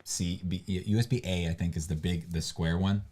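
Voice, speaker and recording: A man's voice: deep voice, steady tone, moderate pace, crowd noise. A man co-hosting a livestream, talking casually and rambling with many restarts and fillers. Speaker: livestream co-host. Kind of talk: casual chat.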